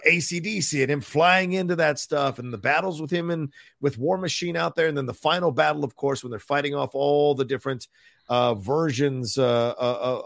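Podcast co-host, man, rambling casual talker, gravelly and dry. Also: on the high side, no room sound. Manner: rambling, reads viewer comments aloud. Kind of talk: casual live film chat.

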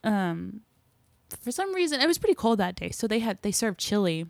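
A woman's voice: mid-range voice, big pitch swings, moderate pace, vocal fry, a little mellow, dry recording. A young woman, an actor, telling a casual story in an interview with lots of fillers. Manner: chatty, filler-heavy, laughing storyteller. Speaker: actor guest.

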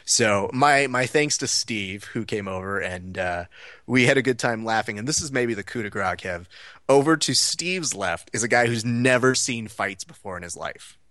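Animated male podcast storyteller. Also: on the low side, normal speed, dry recording, studio quality. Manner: animated, acts out the people in his stories. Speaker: podcast co-host. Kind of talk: casual storytelling chat.

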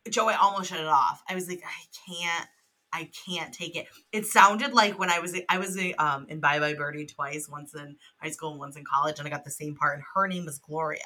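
A young adult woman co-hosting a podcast in casual chat. She is animated, swears freely and laughs often. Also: deep voice, a little fast, few pauses, rough recording. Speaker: podcast co-host.

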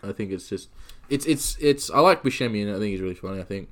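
A man's voice: lowish voice, expressive, fast talker, a bit bright. A man, co-hosting a casual podcast chat with dry, teasing remarks and casual swearing. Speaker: podcast co-host.

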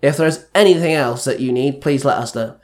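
A gentle old village chief speaks low and unhurried, as a man puts him on. It comes from a one-man fan audiobook. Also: natural voice. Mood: grateful. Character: grateful elderly village chief, male.

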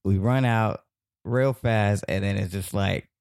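A man telling a long, rambling story as a podcast guest, animated and full of fillers. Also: fairly low pitch, unhurried, creaky, no room sound, clean studio sound. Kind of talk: casual storytelling.

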